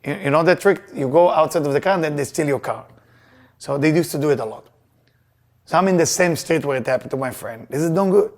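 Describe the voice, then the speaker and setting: Emphatic man teaching with slightly raised pitch. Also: quick pace. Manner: emphatic, animated, loose non-native grammar. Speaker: Kabbalah teacher. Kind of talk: lesson with personal storytelling.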